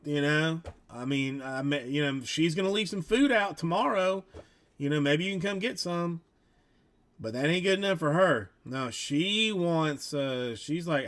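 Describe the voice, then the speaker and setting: A man's voice: on the high side, expressive, normal speed, a bit bright. A man hosting a live stream, telling a rambling story in casual chat, acting out both sides of a conversation. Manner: rambling, with many restarts and quoted back-and-forth.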